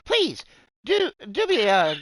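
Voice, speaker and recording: A man's voice: very high voice, wildly swooping pitch, slow pace, fairly bright tone, no echo, low-quality recording. A man calling a wrestling game as a rambling, jokey streamer who plays a drunken clown persona. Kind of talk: excitable play-by-play game commentary.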